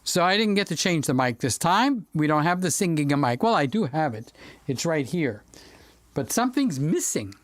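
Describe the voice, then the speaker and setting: This man's slightly high, sing-song voice comes through a dry recording at a moderate pace. Hosting a relaxed livestream from his home studio, he reads out comments, talks to viewers by name, and slips into sung lines now and then.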